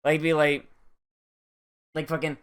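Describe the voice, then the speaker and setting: An anime reviewer talks through an episode in loose, profane, rambling commentary. The delivery is animated and full of asides. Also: mid-range voice, unhurried, clear, resonant tone. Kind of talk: casual reaction commentary.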